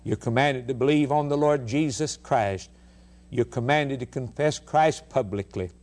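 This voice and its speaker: This radio sermon comes from a man whose mid-range voice keeps a measured pace. He preaches emphatically, posing rhetorical questions and moving between loud pronouncements and hushed words.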